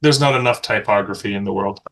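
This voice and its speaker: A man's voice: on the low side, fast, a bit bright. Joking, profane man running the game. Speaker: game master. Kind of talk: casual tabletop game chat.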